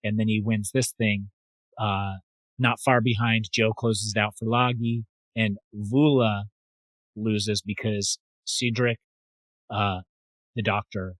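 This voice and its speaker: Male podcast co-host, middle-aged, low voice, dry close sound, quick chatty delivery. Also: a bit bright, no echo, rough recording. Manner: quick, chatty, filler-heavy. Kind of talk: casual chat.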